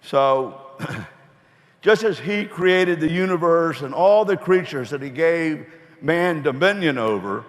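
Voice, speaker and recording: A man's voice: on the high side, lively intonation, slow, in a large hall. A middle-aged man gives a rambling, folksy motivational talk to his business's distributors, earnest about belief. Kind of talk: motivational speech with folksy joke.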